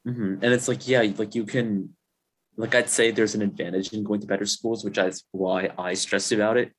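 A young man with a somewhat low, husky voice rambles easily as a podcast guest. He is relaxed and loose, and he fills his sentences with "like". He talks over a video call from his dorm room. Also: moderate pace. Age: young adult. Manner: relaxed, rambling, heavy use of "like". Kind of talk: casual chat.

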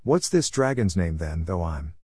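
A man's voice: deep voice, sing-song, normal speed, dark tone, husky, no echo, pitched below the performer's own voice, full character voice. A man voicing a tired old priest, weary and dry in manner. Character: tired old male priest, quietly stubborn.

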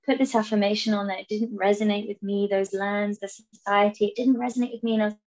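A woman from England, a podcast guest, talking things through in halting bursts with repeated words. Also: mid-range voice, flat delivery, darkish tone, low-quality recording. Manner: halting, repeats words, acts out quoted lines. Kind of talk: reflective conversational interview.

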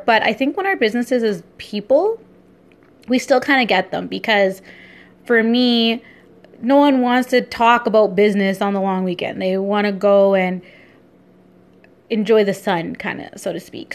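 A young woman vlogger and entrepreneur talking casually in a daily vlog, upbeat, chatty and easily excited. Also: a little high.

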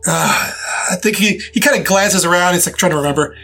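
A man's voice: high voice, a little fast, creaky, pushed and bright, soft background music. A man running a tabletop game as game master, narrating in a rambling way with many restarts.

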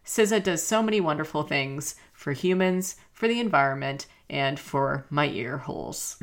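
Woman hosting her podcast, casual and blunt, curses a lot, low voice. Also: animated, a little slow. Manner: candid, chatty, swears freely. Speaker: podcast host. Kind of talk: casual monologue.

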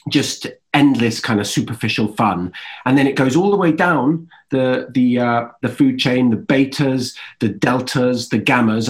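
A man in his thirties with an English accent, a guest actor chatting easily in an interview, telling stories with loose fillers. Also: medium pitch. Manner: relaxed, easygoing storytelling with fillers. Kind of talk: casual interview chat.

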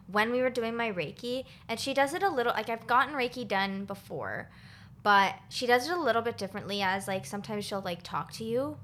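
A woman's voice: on the high side, fairly quick, fairly bright tone. A woman chatting casually and telling an emotional personal story, with many "like"s. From Toronto area, Canada. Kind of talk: casual chat.

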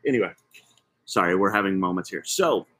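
A man's voice: low voice, expressive, fairly quick, pushed and bright, rough recording. A man co-hosting a podcast in casual chat, with playful, jokey banter. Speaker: podcast co-host.

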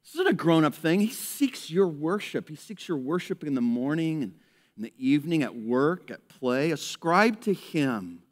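A man preaching a sermon, his voice sitting a little high for a man. He swings between loud, excited bits where he acts out people and soft, hushed passages as he turns to prayer. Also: normal speed. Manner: animated, acts out characters in raised voice, drops to hushed prayer. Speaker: pastor. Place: church service.

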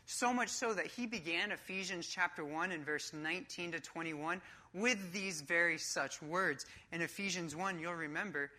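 A woman's voice: lowish voice, pushed and bright. A woman preaching a sermon in a church, emphatic and coach-like with casual asides.

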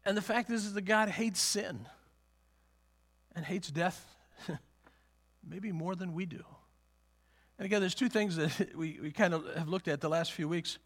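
A man preaching in a church with a voice pitched a little above the usual for men. He talks haltingly, repeating his words and breaking into small chuckles as he tells a personal story in a sermon. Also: fairly bright tone, breathy edge. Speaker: pastor.

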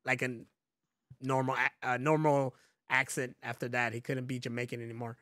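A man co-hosting a podcast in casual chat, joking loudly and swearing freely. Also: mid-range voice, little pitch movement, moderate pace, no echo, clean studio sound. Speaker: podcast co-host.

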